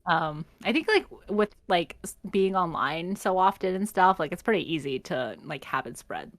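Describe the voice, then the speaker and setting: A woman's voice: fairly low pitch, expressive, moderate pace, dry recording, studio quality. A young woman co-hosting a podcast, chatting casually with lots of fillers and self-corrections. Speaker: podcast co-host. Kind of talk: casual chat.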